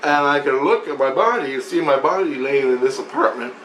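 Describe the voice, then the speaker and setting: A man telling a personal story in a casual, rambling way, with frequent swearing and restarted sentences. His voice sits at an average pitch. The room gives it a roomy echo, and a faint background noise runs under it. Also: animated, a little fast, a bit bright. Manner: rambling, profane, many restarts and repetitions. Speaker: vlogger.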